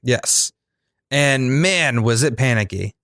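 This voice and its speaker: A man's voice: medium pitch, lively intonation, slow, fairly bright tone, no echo, clean studio sound. A man co-hosting a podcast, chatting casually and laughing in exasperation about a cartoon. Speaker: podcast co-host. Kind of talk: casual chat.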